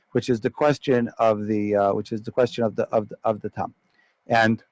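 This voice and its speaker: Animated rabbi, dry close sound. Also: male voice, medium pitch, no room sound, poor audio. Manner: animated, with frequent stumbles and repeated words. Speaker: rabbi teaching a class. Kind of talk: Torah class lecture.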